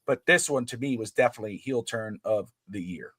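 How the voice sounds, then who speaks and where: A man's voice: on the low side, brisk, a bit bright, husky, dry recording. A middle-aged man co-hosting a wrestling podcast in casual chat, rambling and restarting his sentences. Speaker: podcast co-host.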